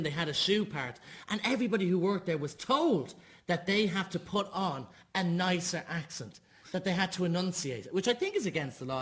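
Man, high bright voice, comic storyteller who acts out other people's lines. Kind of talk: comic storytelling on a panel show.

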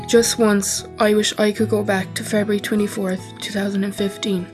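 Woman narrating something heartfelt, even tone, guitar music under her. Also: medium pitch, moderate pace, hardly any pauses. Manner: earnest, reflective. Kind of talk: scripted narration.

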